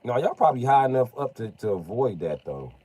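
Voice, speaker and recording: A man's voice: mid-range voice, sing-song, a little fast, warm tone, husky. Profane, rambling male streamer. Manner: profane, rambling, tosses in "you know what I mean". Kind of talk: casual gameplay commentary.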